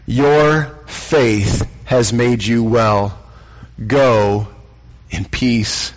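A man preaching, acting out a calm, gentle man speaking with authority, slower and lower than his preaching voice, on a dull lo-fi recording. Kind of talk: acted quote within a sermon. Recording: dull lo-fi sound.

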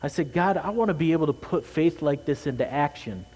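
A man preaching a sermon as pastor, earnest, rising loud and quick for emphasis, then dropping low and quiet. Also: expressive, breathy edge. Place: church sanctuary. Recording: long hall reverb.

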